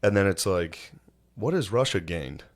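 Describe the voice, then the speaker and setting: Deep-voiced laid-back podcast host. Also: male voice, animated, a little slow. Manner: laid-back, laughs often, swears freely. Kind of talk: casual chat.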